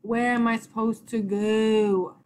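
A woman's voice: a little high, little pitch movement, takes it slowly, darkish tone. Exasperated young woman narrating her gameplay. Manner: exasperated, rambling, mock-cursing at the game. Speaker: let's play gamer. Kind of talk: casual gameplay commentary.

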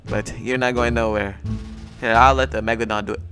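A man's voice: mid-range voice, a little fast. Slangy young man commentating gameplay. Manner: excitable, slangy, talks to viewers while playing. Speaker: gaming YouTuber. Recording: game music playing behind. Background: video game music.

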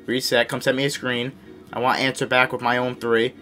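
A young man giving excitable live commentary on his own basketball video game, scolding his teammates and mocking himself. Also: medium pitch, a little fast, faint music behind. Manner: excitable, yells and laughs at big plays. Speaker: gaming YouTuber.

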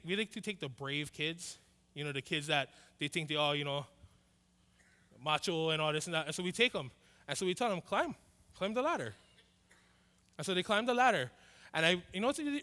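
Male pastor, high voice, animated storytelling sermon, echoing church hall. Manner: animated, acts out both sides of dialogue.

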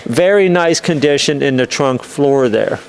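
A man's voice: medium pitch, unhurried, a little hiss or hum. A man casually walking a camera around a classic car for sale, talking methodically with frequent fillers. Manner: easygoing, methodical, many "um" and "uh" fillers. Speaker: car dealer walkaround presenter. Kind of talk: casual vehicle walkaround narration.

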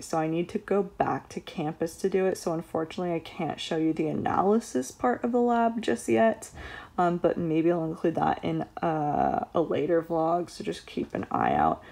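A woman's voice: fairly low pitch, vocal fry, darkish tone. A young woman student chatting casually in a vlog, filling her talk with "like". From United States. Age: young adult. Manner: chatty, many "like" fillers. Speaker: university student vlogger. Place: home room and campus lab.

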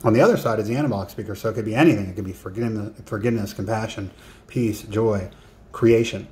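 Speaking fast in a lowish, darkish voice, this coach delivers a recorded lesson straight to the listener and hands out writing tasks in a direct manner.

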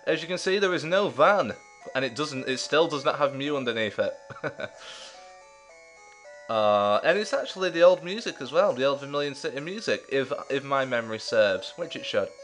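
A man's voice: fairly high pitch, a bit bright. Chatty man commenting on a game. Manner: chatty, jokey, self-mocking asides. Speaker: let's play host. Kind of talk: casual gameplay commentary.

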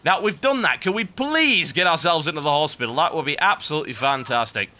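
A man's voice: a little high, lively intonation, fairly quick, bright, forceful tone. A man giving rambling, sarcastic commentary while playing a video game. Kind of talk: let's play commentary. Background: game music.

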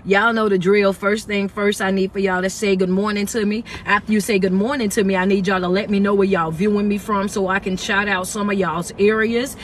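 A woman's voice: mid-range voice, fairly bright tone, slight background noise. A woman motivational speaker and life coach who energetically greets her live viewers and preaches about the new year. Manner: preacherly, urges listeners to take notes. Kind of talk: live-stream motivational talk.

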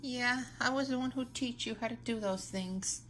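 A woman's voice: fairly high pitch, normal speed, background noise, natural voice. A woman playing a caring, motherly girl superhero who encourages her little sister, in a fan role-play. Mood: gentle, encouraging.

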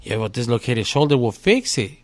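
A man's voice: mid-range voice, big pitch swings, brisk, a little mellow. Laid-back slangy SoCal guy telling a story. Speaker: podcast guest. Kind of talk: casual storytelling.

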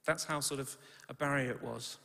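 A man preaches a sermon in a reverberant church hall, keeping it conversational, questioning his listeners and correcting himself along the way. His mid-range voice is steady, fairly quick, bright and forceful, with some vocal fry.

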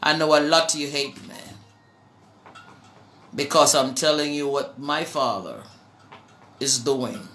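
Jamaican woman preacher, slow fervent delivery, bright voice, echoey room. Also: low-pitched, slight background noise. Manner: slow, fervent, breaks into song. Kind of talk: preaching to a live online audience.

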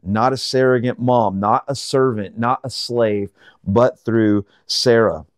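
A man teaching through a Bible chapter verse by verse, reading the verses slowly and explaining them in a casual way, with fillers and restarts. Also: mid-range voice, fairly even intonation, dry recording, clean studio sound.

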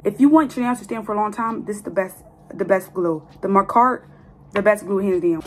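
A woman in her twenties chatting casually to viewers while styling a mannequin's hair, playful and talkative, recorded on a phone. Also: mid-range voice. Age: 20s. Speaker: hair vlogger. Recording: phone video with faint noise.

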